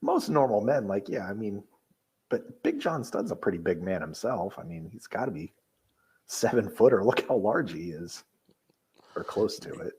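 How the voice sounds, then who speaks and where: A man with a very low, husky voice offers wry, laid-back remarks on an old wrestling match. He often hesitates and reaches for his words with fillers. His tone stays easygoing and dry. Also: very animated, moderate pace, darkish tone. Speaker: podcast co-host. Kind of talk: casual commentary over a wrestling match.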